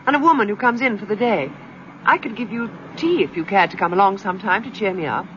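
A woman's voice: medium pitch, fast talker, background noise, natural voice. An actress playing a poised, wary woman writer in a radio drama, speaking in refined, clipped tones. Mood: polite, guarded. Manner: refined, clipped speech with nervous stammers. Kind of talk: 1970s radio drama acting. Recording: dull lo-fi radio recording.

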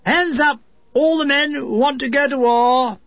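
A brisk army lieutenant snaps out curt orders in a raised, clipped voice, as a man reads him. The sound is muffled and dry, like an old audiobook. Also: very high voice, no room sound, pitched above the performer's own voice. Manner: brisk, commanding. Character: young male army lieutenant, brisk and bossy.

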